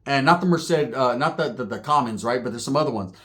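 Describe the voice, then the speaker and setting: A man's voice: medium pitch, quick pace, a bit bright. A man telling street stories in a casual, profane, slang-heavy way, acting out the voices of the people in them. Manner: acts out voices, laughs while telling. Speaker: storyteller on his own channel.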